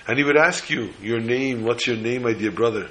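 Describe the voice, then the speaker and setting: Through a rough recording comes a medium-pitched man speaking at a moderate pace. He narrates a religious story sermon-style, animated and voicing the characters expressively.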